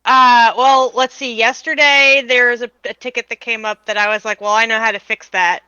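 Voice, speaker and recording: A woman's voice: on the high side, steady tone, moderate pace, bright, forceful tone, clean tone, dry recording. A woman chatting casually on a call, making offhand, wry remarks. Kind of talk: casual chat. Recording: dull lo-fi mic, dry.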